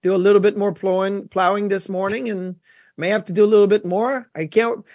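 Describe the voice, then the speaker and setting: A man, a former goalie co-hosting a casual sports talk show, telling animated stories with many restarts. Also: sits high, brisk, dry recording. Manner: animated storyteller, lots of restarts.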